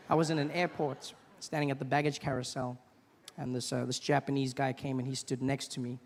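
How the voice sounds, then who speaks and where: A man's voice: medium pitch, normal speed, in a large hall. A man performing a stand-up comedy set in a live venue, acting out voices as he tells stories. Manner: animated, acts out other voices and accents. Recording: live stage recording with noisy ambience.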